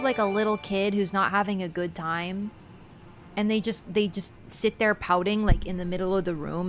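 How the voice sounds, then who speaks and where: A woman's voice: medium pitch, a little hiss or hum. A woman streaming a game, chatting casually with her viewers and laughing often. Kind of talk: casual live-stream chat.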